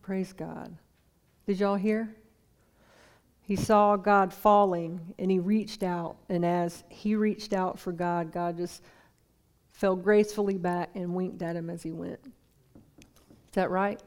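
A woman's voice: fairly low pitch, fairly even intonation, slow, long pauses, darkish tone. A woman preaching a sermon in a conversational way, putting questions to the congregation.

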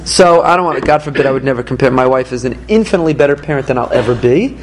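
A middle-aged man teaching a lively Torah lesson to a small live audience, talking emphatically and often jumping into high-pitched quoted voices. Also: rapid-fire, slight background noise, poor audio. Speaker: rabbi teaching a class. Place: room with a small listening audience.

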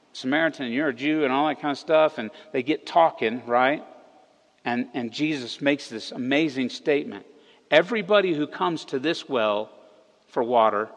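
A man preaching a sermon as pastor, retelling a story with animated, emphatic delivery that rises on key words. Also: medium pitch, big-room sound, poor audio. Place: church hall.

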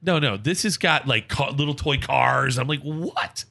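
Bright-voiced Southern man telling stories. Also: mid-range voice, a little slow, gravelly. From American South. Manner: animated, laughs through his stories. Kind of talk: casual storytelling chat.

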